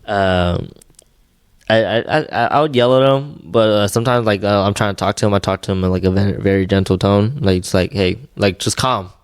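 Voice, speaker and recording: A man's voice: fairly low pitch, steady tone, brisk, smooth, no echo. A young man co-hosting a podcast, chatting casually and rambling with lots of fillers and restarts. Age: young adult. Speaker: podcast co-host. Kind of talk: casual chat.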